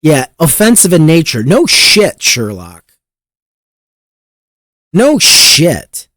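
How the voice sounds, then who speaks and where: A male podcast host venting about the news in an exasperated, profane rant. His pitch swings widely, and the recording is dry and close with no room sound. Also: wildly swooping pitch, slow pace, a bit bright, no echo. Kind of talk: casual news commentary.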